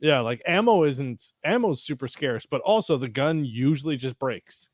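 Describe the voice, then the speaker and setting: Dry, mid-pitched man in casual chat. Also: expressive, moderate pace, no room sound. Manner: rambling, profane, trails off into fillers. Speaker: podcast co-host.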